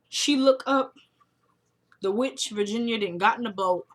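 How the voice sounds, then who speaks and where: Speaking at a normal speed with a medium-pitched voice, a woman recaps a TV episode as a reviewer. She tells it casually and animatedly in everyday language, performing the characters' lines.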